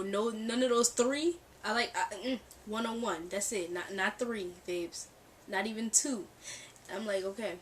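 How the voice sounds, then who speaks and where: A young woman chats through a personal story, switching into lively voices for what others said and breaking into laughs. Her voice sits a little back from the mic. A faint hum of the room and passing cars comes from behind her. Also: mid-range voice, distant mic. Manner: animated, acts out quoted dialogue, laughs often. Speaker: storytime vlogger. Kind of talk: casual storytelling. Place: bedroom near a street. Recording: mic set back, faint background ambience. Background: cars passing outside.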